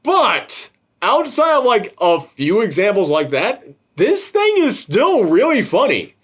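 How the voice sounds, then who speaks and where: A man's voice: sits high, big pitch swings, unhurried. A man hosting a casual film-review chat, rambling and swearing freely. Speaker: podcast host reviewing a film.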